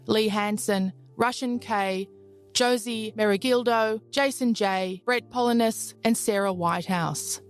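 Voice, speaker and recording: Australian woman hosting a podcast, faint music behind. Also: a little high. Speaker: podcast host. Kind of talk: scripted outro.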